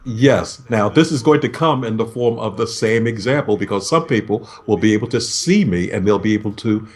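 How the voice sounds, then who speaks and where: Over a video call, a man interviewed as a negotiation expert explains things in a measured way and acts out sample phone greetings. His voice is on the low side and animated.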